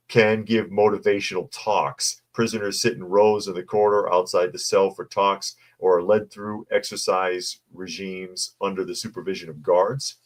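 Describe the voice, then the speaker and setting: A man with a very low, deep voice hosts a casual livestream commentary. He reads news items and viewer comments aloud, then adds blunt, snarky asides in a relaxed, conversational way.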